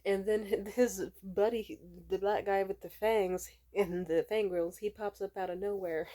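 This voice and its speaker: A tired, sleepy young woman vlogger telling a story in casual chat, animated, laughing often and swearing freely. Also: mid-range voice, unhurried.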